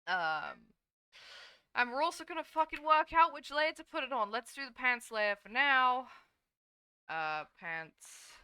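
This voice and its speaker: Young woman streamer, bright voice, sleepy chatty talk, dry close sound. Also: sits high, sing-song, measured pace, smooth, no room sound. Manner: chatty, sleepy, yawning, swears casually. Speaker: VTuber streamer. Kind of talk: casual live-stream chat while drawing.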